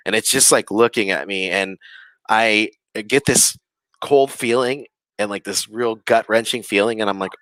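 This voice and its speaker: Bright-voiced man telling a story casually. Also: on the low side, normal speed, dry recording. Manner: rambling, filler-heavy, with frequent "like" and "you know"; acts out quoted lines of dialogue. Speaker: podcast guest. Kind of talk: casual storytelling of a ghost experience.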